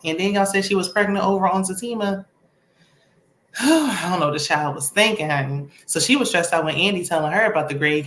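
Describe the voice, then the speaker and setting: A woman's voice: lowish voice, a bit bright, echoey room. A woman casually recapping a TV episode in a chatty, sassy, opinionated way. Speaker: TV recap vlogger.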